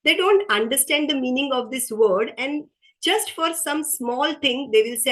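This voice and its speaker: A woman's voice: fairly high pitch, a little slow, fairly bright tone, low-quality recording. A woman giving an earnest motivational workshop talk over a video call, repeating her key phrases. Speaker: webinar speaker.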